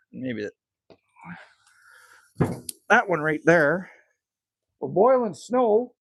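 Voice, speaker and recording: A man's voice: a little high, vocal fry, a bit bright, no echo, clean studio sound. Chatty older Canadian man on a livestream. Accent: Canadian, with bits of Newfoundland. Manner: chatty, reads out viewer names and answers them. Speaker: livestream host. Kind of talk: casual livestream chat with viewers. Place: cabin woodshed.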